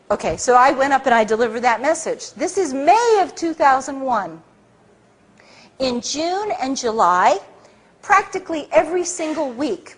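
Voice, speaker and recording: Husky animated woman telling a story. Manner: acts out quoted people with big pitch jumps. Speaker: speaker at a public talk.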